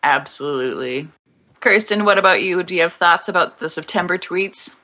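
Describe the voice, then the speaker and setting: A bright, sharp-toned woman chats casually as a podcast co-host. Her pitch swings widely while she giggles and gushes with fan enthusiasm. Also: lively intonation, normal speed. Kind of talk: casual chat.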